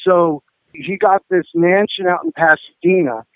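A man's voice: sits high, unhurried, dry recording. A man, a rock musician as guest, telling rambling, profane stories full of fillers in a casual interview. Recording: tinny phone-line audio.

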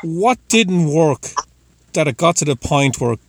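A man's voice: a little high, animated, measured pace, no echo. Man asking probing interview questions, dry sound.

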